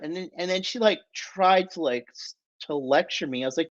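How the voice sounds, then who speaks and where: A man's voice: fairly high pitch, animated, brisk, dull audio. A man telling a story in a casual, rambling way, swearing often and tagging lines with "right?". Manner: profane, rambling, keeps asking "right?". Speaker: podcast storyteller.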